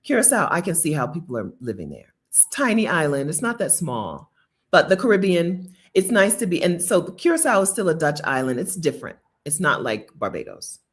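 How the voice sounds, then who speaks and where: A woman's voice: sits low, a little fast. An American woman telling travel stories in casual chat to viewers, chatty and often laughing. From United States. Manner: chatty, laughing, animated storytelling. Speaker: travel vlogger. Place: Bogota.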